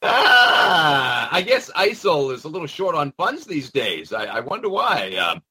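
A man's voice: on the high side, very animated, moderate pace, bright, forceful tone, slight background noise, rough recording. A man talking in a sarcastic, rambling monologue, with mocking asides and frequent hesitations. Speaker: commentator. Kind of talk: casual monologue commentary.

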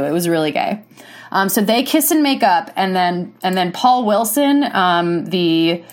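A woman's voice: mid-range voice, expressive, unhurried. A young adult woman hosting a talk show, talking in a sarcastic, mocking way and rambling with lots of fillers. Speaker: show host. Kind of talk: casual podcast monologue.

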